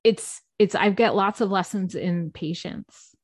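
A woman's voice: medium pitch, unhurried, a little mellow. A woman guest speaking casually and earnestly, giving life advice with lots of "like" fillers. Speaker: guest, spiritual practitioner. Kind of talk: casual conversation.

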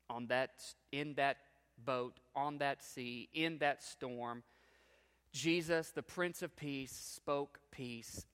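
A man preaching a sermon as a pastor, emphatic, swinging between soft low drops and rising peaks. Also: in a large hall.

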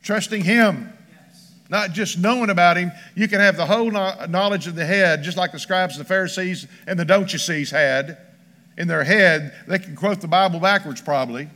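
High bright voiced preacher guy, punchy rhythmic sermon, big hall echo. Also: moderate pace. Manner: emphatic, rhythmic preaching with scripture read aloud. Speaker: pastor. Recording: long church hall reverb.

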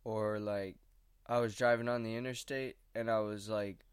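A man's voice: lowish voice, fairly even intonation, normal speed, smooth, no room sound. A young man rambling casually and anxiously into a desk microphone while sitting at home on his couch. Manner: rambling, slangy, anxious musing. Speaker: vlogger. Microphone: microphone at a mixing board.

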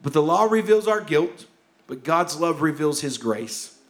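A man preaching a sermon as pastor in a church, urgent and impassioned, repeating key phrases and dropping to hushed tones. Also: on the high side, sing-song, measured pace. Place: church sanctuary.

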